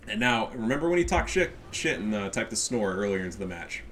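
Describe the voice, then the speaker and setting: A man casts a match with swagger and constant swearing, his voice swinging widely in pitch. His tone is bright and edgy, with a slightly stuffy nose. A little room ambience sits faintly behind him. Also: fast, a little hiss or hum. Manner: profane, animated, cocky. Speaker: game caster. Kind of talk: casual game commentary.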